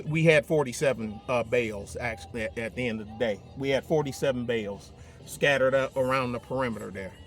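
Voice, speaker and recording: A vlogger tells a story while driving, talking casually and rambling from inside his truck, trailing off into fillers. His voice is fairly high, pushed, and bright.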